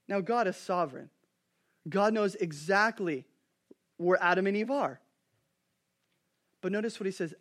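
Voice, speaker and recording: A man in his thirties preaching a sermon as a pastor, telling family stories with animated swings from hushed to loud. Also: high voice, unhurried, pauses often.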